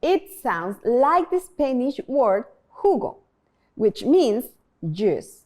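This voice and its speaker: A woman teaching a beginner language lesson, slowly modeling sounds and asking learners to repeat after her. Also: fairly high pitch, big pitch swings, darkish tone. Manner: slow, clear modeling of pronunciation, prompting repetition.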